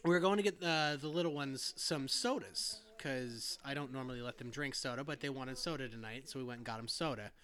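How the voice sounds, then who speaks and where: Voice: medium pitch, fairly quick, few pauses, a bit bright, smooth. A podcast host telling a rambling story in casual chat, laughing, swearing and restarting often.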